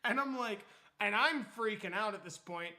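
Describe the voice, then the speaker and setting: A young man streaming, chatting casually and telling a story with lots of swearing and loud, animated retellings. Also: high-pitched, moderate pace. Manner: animated, swears freely, acts out quotes loudly.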